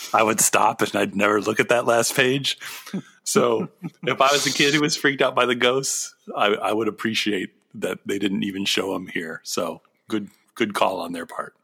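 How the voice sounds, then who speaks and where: Man, casual podcast chat, enthusiastic, bright voice, lowish pitch. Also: fairly even intonation, normal speed, vocal fry, husky. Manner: enthusiastic, laughs often, says "like" a lot. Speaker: podcast co-host.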